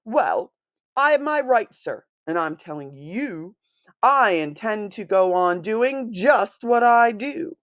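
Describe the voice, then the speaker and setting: A woman's voice: medium pitch, animated, slow pace, no echo, voice pushed up. A woman voicing a greedy, stubborn male factory owner who talks back defiantly, read from a storybook. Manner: defiant, blustering. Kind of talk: storybook reading.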